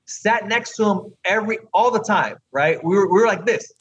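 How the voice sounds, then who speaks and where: A man's voice: high-pitched, normal speed, a bit bright, highs cut off, slight background noise. A man, a recently eliminated reality competition contestant, tells his side of the story emphatically in an interview, often asking "right?".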